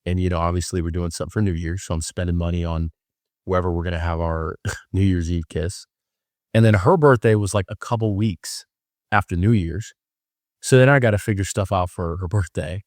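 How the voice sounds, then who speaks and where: With a deep voice, a young man from Wisconsin hosts a podcast, telling casual stories in a joking, filler-heavy monologue. The studio-quality recording has no echo.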